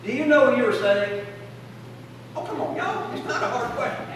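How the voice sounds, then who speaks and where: A man's voice: very high-pitched, lively intonation, normal speed, a bit bright, a little hiss or hum. A man preaching a sermon with fervent call-and-response in a church. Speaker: pastor. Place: church sanctuary. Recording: echoey church hall from a distance.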